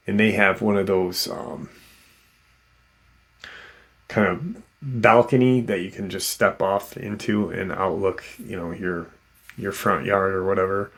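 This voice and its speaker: In a lowish, creaky, husky voice, a host casually relates a witness's encounter as a story. He rambles, using many fillers and starting over repeatedly.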